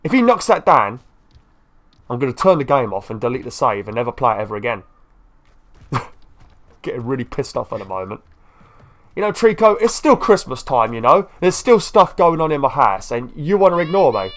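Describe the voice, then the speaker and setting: A man's voice: mid-range voice, sing-song, moderate pace, pauses often, a bit bright. A man doing let's-play commentary, swearing and scolding a game creature. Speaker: gaming YouTuber.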